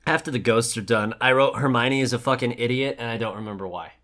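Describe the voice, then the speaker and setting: A man's voice: mid-range voice, quick pace, fairly bright tone. A man co-hosting a casual podcast chat, swearing freely and retelling scenes with mock voices. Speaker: podcast co-host.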